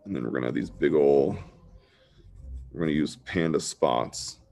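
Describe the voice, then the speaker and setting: Laid-back man teaching drawing, deep gravelly voice. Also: moderate pace, warm tone. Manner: laid-back and chatty, says dude a lot. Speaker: drawing instructor. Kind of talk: casual live online drawing lesson.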